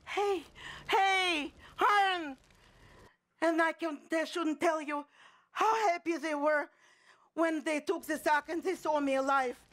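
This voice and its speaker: A woman playing a shaken mother, high-pitched. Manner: halting, repeats words and restarts mid-sentence. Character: middle-aged mother who survived a pogrom, shaken but resolute. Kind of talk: one-woman stage monologue. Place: theater stage.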